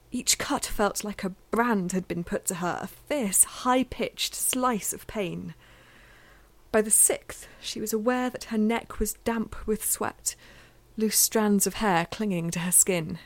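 A woman reading a novel aloud in a measured, intimate way, sometimes dropping to a near-whisper. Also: medium pitch, no echo. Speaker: audiobook narrator. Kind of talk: scripted fiction narration.

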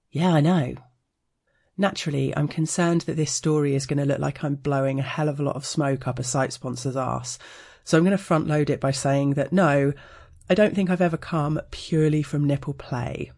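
Husky British woman reading an erotic story. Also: low voice, darkish tone. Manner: frank and wry, slowing to intimate detail. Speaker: sex blogger.

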